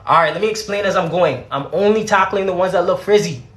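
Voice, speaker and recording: A man's voice: high-pitched, quick pace, fairly bright tone. A young Canadian man with a Canadian accent, chatting casually during a hair tutorial livestream. He is laid-back and slangy and repeats his words. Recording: echoey room.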